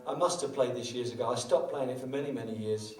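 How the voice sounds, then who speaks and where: A man's voice: medium pitch, fast talker. An older man, a guitarist, chatting between tunes at a small live venue, self-mocking and rambling with joking asides. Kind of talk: between-song stage banter. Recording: roomy live venue, distant mic, guitar.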